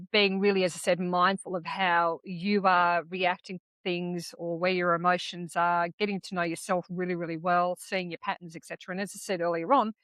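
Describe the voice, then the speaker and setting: A woman, co-hosting a casual podcast chat, speaking calmly and reflectively. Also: lowish voice, no echo. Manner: calm and reflective, affirming. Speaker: podcast co-host.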